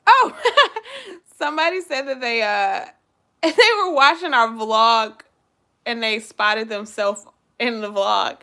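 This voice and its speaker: A young woman hosting a vlog, chatting casually and live with her viewers in an expressive, loud, giggly way. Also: on the high side, slow. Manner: giggly, laughs often. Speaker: vlog host.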